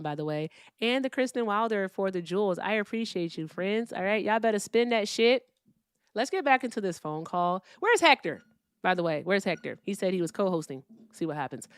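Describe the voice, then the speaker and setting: A woman hosting a political call-in livestream, speaking in a relaxed, profane, wry way as she reads out donor messages and thanks viewers. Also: lowish voice, smooth, no room sound, clean studio sound. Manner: speaks softly, not loudly. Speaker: livestream political debate host. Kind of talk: casual livestream chat.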